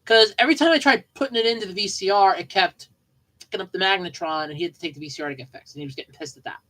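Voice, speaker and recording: A woman's voice: medium pitch, fast talker, a bit bright, low-quality recording. A woman hosting a podcast, telling rambling childhood stories and chatting casually about movies, often repeating herself and laughing. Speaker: podcast host. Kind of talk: casual storytelling and movie chat.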